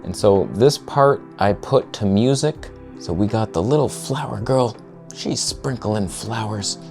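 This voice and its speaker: A man narrating his own video footage in a casual, sarcastic, self-mocking way with quick asides. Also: on the low side, a little mellow, faint music behind. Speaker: photographer vlogger.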